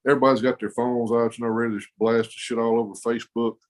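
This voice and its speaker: A man's voice: medium pitch, flat delivery, fast, poor audio. A man with a drawl spins a casual story as a podcast guest. His talk is rambling and profane, full of laughter.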